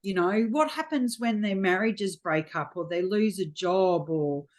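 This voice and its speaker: A woman's voice: mid-range voice, a little slow, darkish tone. A middle-aged Australian woman, a frank, chatty guest telling stories in a casual interview. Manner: frank, chatty storyteller acting out quotes.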